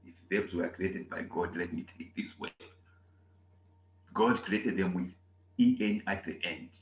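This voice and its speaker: A man's voice: deep voice, unhurried, echoey room, lo-fi sound. A man teaching German verbs in a classroom lesson, repeating himself often and checking with "okay?". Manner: repetitive, emphatic, asks "okay?" often.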